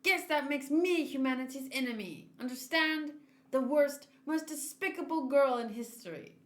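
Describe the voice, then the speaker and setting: A woman's voice: sits high, normal speed, voice pushed up, close to an everyday voice. A woman doing a fierce, scornful young woman. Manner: scornful, shouting. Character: furious defiant young woman, fed up. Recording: roomy echo.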